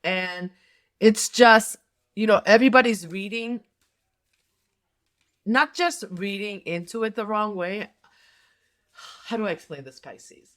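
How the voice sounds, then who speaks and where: A woman's voice: mid-range voice, slow pace, pauses often. A middle-aged woman doing a tarot reading, talking casually in a rambling way with many fillers and restarts. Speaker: tarot reader and nurse health coach.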